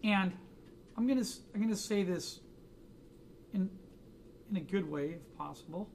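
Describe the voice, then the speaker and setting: A man's voice: sits high, moderate pace, gravelly, a little mellow, slight background noise. A man teaching a drawing class, chatting casually and joking through anecdotes in front of students. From United States. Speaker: art instructor.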